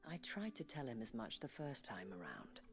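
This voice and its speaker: An actress voicing an elegant, languid noblewoman who teases gently and speaks with grace in a video game. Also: a bass voice, huge pitch swings, faint music behind, heavily acted. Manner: slow, teasing and gracious. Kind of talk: game voice acting.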